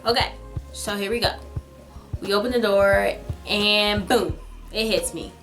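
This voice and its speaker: A young adult woman tells a story in a chatty, dramatic way and fills her talk with "like". Her voice sits at a middle pitch. Soft music plays faintly behind her. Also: unhurried. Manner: chatty, dramatic, heavy use of "like". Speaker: vlogger telling a story. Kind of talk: casual storytime.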